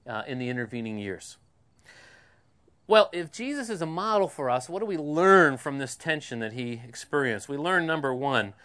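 Male pastor, sermon, slightly high voice, conversational, questions to the congregation, loud and soft turns.

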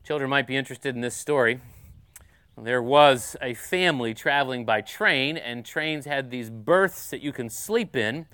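A male pastor giving a conversational sermon, telling stories with easy filler pauses. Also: mid-range voice, sharp tone, smooth, dry recording.

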